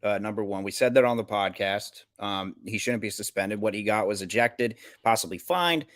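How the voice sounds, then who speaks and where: A man's voice: on the low side, normal speed, fairly bright tone, dry recording. A man co-hosting a casual sports podcast, telling stories with lots of fillers and laughter. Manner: laughs often, rambling storytelling with fillers. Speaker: podcast co-host.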